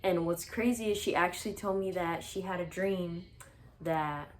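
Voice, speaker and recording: Speaking at a moderate pace in a lowish voice, a young woman vlogger chats casually through her life story. She says "like" a lot and slips small laughs between sentences, and there's a faint hiss or hum in the recording.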